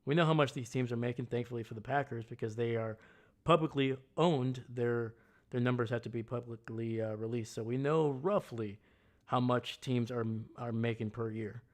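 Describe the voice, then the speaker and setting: A man's voice: medium pitch, fairly even intonation, moderate pace. A man hosting a casual live stream, ranting bluntly and heatedly about sports. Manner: greets chat viewers loudly. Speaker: livestream host.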